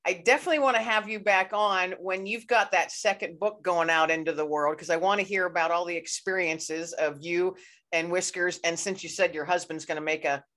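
Chatty woman hosting a podcast, low voice. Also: steady tone, fairly quick, fairly bright tone. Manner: chatty, rambling, many "you know"s. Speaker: podcast host. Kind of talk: casual conversational interview.

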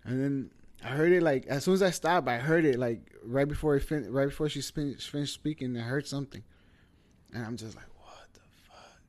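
Man swapping stories with friends, loose and profane, average pitch. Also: a little fast, darkish tone. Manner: loose, profane, filler-heavy, says bro a lot. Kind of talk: casual storytelling chat.

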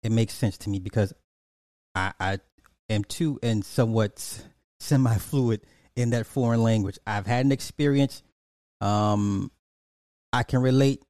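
In a medium-pitched, somewhat dark voice, a man speaks unhurriedly with long pauses, giving casual reaction commentary on a clip. He's emphatic and repeats his points, with many fillers and restarts. The studio-quality recording has no echo.

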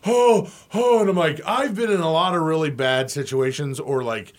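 A man's voice: a little high, normal speed. A man co-hosting a sports radio show, telling a long story with lots of laughter and acted-out voices. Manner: animated, laughing, acts out quoted voices.

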